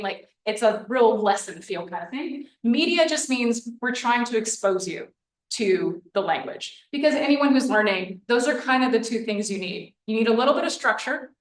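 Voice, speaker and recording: A woman presenting a casual workshop, chatty and animated, acting out quoted reactions as she explains things. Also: medium pitch. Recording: echoey room, mic from far off.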